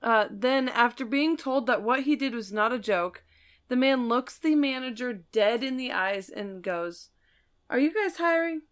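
A woman's voice: on the high side, a little slow. A woman co-hosting a casual chat, reading stories aloud with blunt, swearing asides and frequent laughs. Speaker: podcast co-host reading stories.

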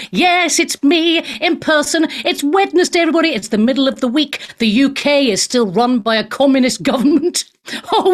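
A woman hosting a live talk radio show, chatting cheekily and laughing often. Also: a little high. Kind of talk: casual live radio chat.

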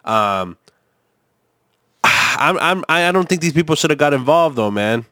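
A man's voice: a little high, expressive, a little slow, sharp tone, no room sound, clean studio sound. A man rambling through a casual podcast chat, swearing often and restarting his sentences with lots of fillers. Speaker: co-host reacting to a video.

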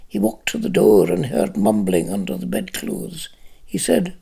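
A man narrating a literary novel, with measured, expressive storytelling. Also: fairly low pitch, vocal fry, slightly rough. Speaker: audiobook narrator.

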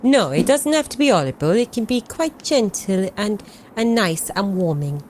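A woman playing a kind, motherly woman adventurer who speaks gently and coaxingly, with little restarts. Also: mid-range voice, animated, moderate pace, slight background noise, close to an everyday voice, rough recording.

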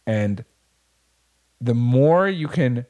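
A man's voice: medium pitch, animated, drawn-out words, warm tone. A man in casual chat, talking in a profane, impassioned, motivational way about growth through hard times. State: tearing up.

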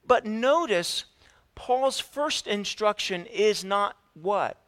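A man preaching a sermon, telling a family story in an animated way and putting questions to the congregation. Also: high-pitched, takes it slowly. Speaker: pastor.

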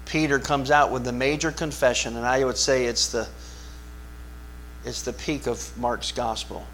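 A man preaching a sermon as pastor, talking conversationally and asking his listeners questions, swinging from hushed asides to loud, emphatic bursts. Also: mid-range voice, steady tone, a little slow, slight background noise. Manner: conversational, asks the congregation questions.

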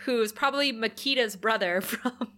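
A woman's voice: on the high side, moderate pace. A woman co-hosting a podcast, recapping an episode in casual chat, often laughing and acting out the characters' lines. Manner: animated, laughs often, acts out quotes. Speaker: podcast co-host.

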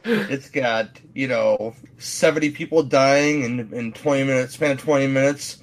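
A man's voice: medium pitch, measured pace. A man enthusing about an action film on a podcast, chuckling and stammering as he talks. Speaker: podcast guest. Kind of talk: casual movie review chat.

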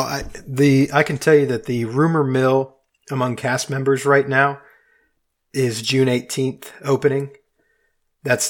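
Easygoing male podcast host. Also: medium pitch. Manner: hedging, thinks aloud with restarts. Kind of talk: casual podcast chat.

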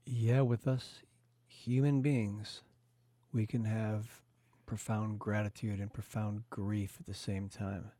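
A man hosting an interview, speaking in a calm, reflective way. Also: on the low side, slow, dry recording. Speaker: host.

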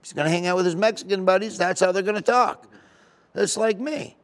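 A man's voice: sits high, a little fast. A man, a comedian guest, telling rambling stories in a casual interview. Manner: rambling, storytelling with asides.

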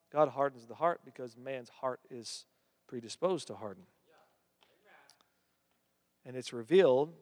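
As his sermon stories build, this preacher's already high voice climbs even further and he becomes animated. The sound echoes with a long reverb, suggesting a large sanctuary.

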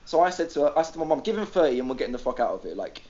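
A man's voice: mid-range voice, very animated, very fast, mellow, dull audio. A man from Greece, a regular on a podcast, telling a story in casual chat, swearing freely and acting out the people he quotes.

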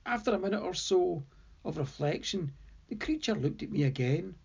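A woman hosting a story podcast, narrating in a measured, deliberate way. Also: on the low side, expressive, creaky, a little mellow, breathy edge.

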